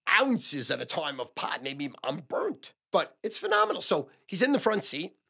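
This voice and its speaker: A man in his sixties who advises sports gamblers, talking to camera in a casual, loud, profane monologue and repeating phrases for emphasis. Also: on the high side, sing-song, moderate pace, breathy edge.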